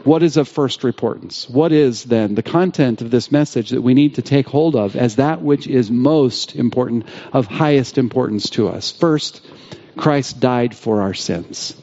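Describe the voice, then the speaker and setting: A man preaching a sermon in a church, stressing key phrases by repeating them slowly. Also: medium pitch, warm tone, highs cut off. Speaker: pastor. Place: church sanctuary.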